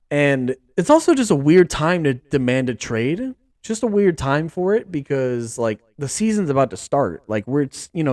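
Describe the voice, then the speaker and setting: A man hosting a sports podcast, talking in a casual, excitable, rambling way full of slang. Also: medium pitch, dry recording, clean studio sound. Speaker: podcast host.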